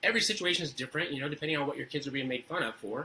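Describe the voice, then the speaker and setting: A man speaks as an interview guest, sharing stories in an earnest, conversational way. His voice is bright and forceful. He talks at a quick clip and often checks in with rhetorical questions. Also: a little high, slight background noise, low-quality recording. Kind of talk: casual storytelling interview.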